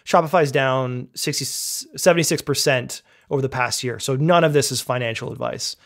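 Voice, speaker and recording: A man's voice: mid-range voice, moderate pace, vocal fry, a bit bright. A young man from Canada co-hosting a tech podcast, chatty and joking, poking fun at himself. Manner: chatty, joking, self-deprecating. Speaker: podcast co-host. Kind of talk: casual podcast chat.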